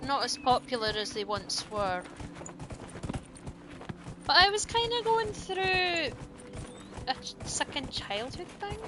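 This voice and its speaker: A woman's voice: high voice, big pitch swings, slow pace, long pauses, over music. A woman streaming a video game, chatting playfully and breaking into squeals and giggles.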